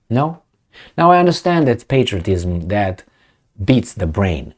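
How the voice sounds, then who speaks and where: A man's voice: fairly low pitch, very animated, measured pace, a little mellow. A man giving casual solo commentary, talking in a conversational, digressive way and asking questions as he goes.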